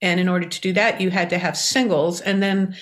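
A woman in her sixties, a songwriter guest, telling stories in an animated, lively way during an interview. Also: fairly low pitch, fairly quick. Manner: animated, lively anecdotal storytelling. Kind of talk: storytelling interview answers.

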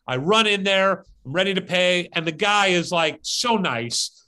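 A man hosts a podcast from outdoors and tells a story in a lively, animated way. His voice sits a little high and sounds bright and forceful. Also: measured pace, few pauses. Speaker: podcast host. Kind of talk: casual storytelling. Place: outdoors as rain starts.

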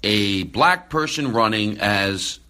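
Excitable male podcast host, bright voice, rambling restarts, phone recording. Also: fairly low pitch, takes it slowly. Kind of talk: casual podcast talk. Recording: phone recording, far from the mic.

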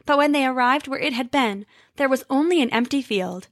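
A woman narrating a children's story in an expressive scripted style. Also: high voice, fairly quick, no echo, studio quality.

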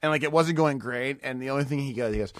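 A man's voice: mid-range voice, fast talker, dry recording, studio quality. A man in his thirties telling stories in casual podcast chat, laughing often and swearing freely. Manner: lively storytelling with frequent laughs and swearing. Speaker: comedian guest.

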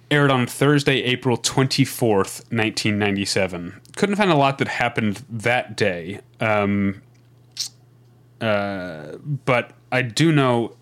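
A man's voice: medium pitch, fairly bright tone. A man in his forties with a Midwestern accent, co-hosting a casual podcast and rambling with frequent restarts. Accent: Midwestern American. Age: 40s. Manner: rambling, self-interrupting, laughs easily. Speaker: podcast co-host.

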